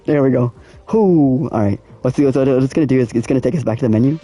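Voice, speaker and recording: A man's voice: mid-range voice, quick pace, warm tone, soft background music. Laid-back young man streaming a racing game. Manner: laid-back slangy, chats with viewers while racing. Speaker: gaming streamer. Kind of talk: casual live-stream commentary.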